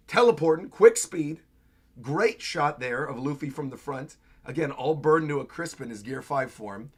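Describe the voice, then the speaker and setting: A young man hosting a manga reaction livestream, giving animated commentary with lots of laughing. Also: a little high, husky. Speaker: channel host.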